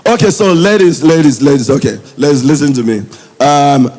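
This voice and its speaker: A Nigerian man doing stand-up comedy in Pidgin English, telling stories in an animated way. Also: mid-range voice, moderate pace. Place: comedy stage before a live audience.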